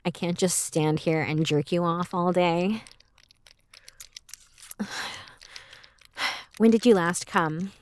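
A young woman playing a teasing, bossy roommate, speaking in a hushed, playful way with frequent soft laughs in an intimate audio role-play. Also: on the low side, extremely slow, pauses often.

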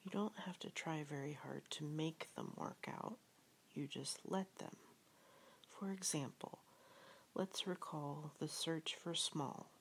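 A woman reading a gentle storybook text aloud in a soft, half-whispered, breathy way. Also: low voice, slow, slight background noise. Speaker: reader.

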